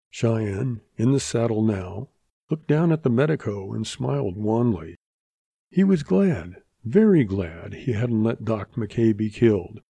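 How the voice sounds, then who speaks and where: A man reads a western story aloud at an unhurried pace, with a gravelly, dark-toned voice. His delivery is measured and deliberate, recorded close and dry with no room sound. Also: on the low side, lively intonation, dry recording. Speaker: narrator. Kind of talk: dramatic reading of a western story.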